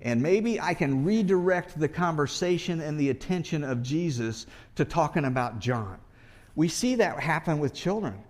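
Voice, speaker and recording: A pastor gives a conversational sermon full of rhetorical questions. His voice is on the high side and animated, with a moderate pace.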